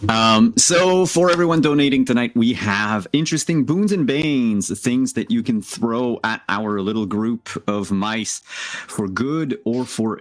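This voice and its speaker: A man with a lowish voice, recorded dry and close, runs a tabletop game on a call. He explains things casually and stops to think aloud with fillers. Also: a bit bright, dry recording. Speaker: game master. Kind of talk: casual livestream chat.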